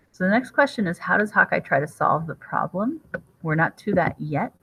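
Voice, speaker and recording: A woman's voice: low voice, vocal fry, a bit bright, slightly rough, rough recording. Woman teacher reading aloud to a class. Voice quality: explanatory, guiding students through questions.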